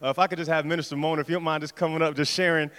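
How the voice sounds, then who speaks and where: A man's voice: a little high, steady tone, very fast, a bit bright, smooth. A man pastor introducing a speaker at a church service, hesitant and full of fillers. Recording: reverberant church hall.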